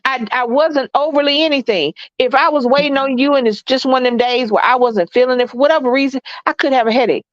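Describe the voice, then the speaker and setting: A woman's voice: sits high, steady tone, fast talker, hardly any pauses, no echo, muffled recording. A woman with a Southern accent co-hosting a casual live stream, talking bluntly and emphatically, often repeating herself. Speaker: co-host.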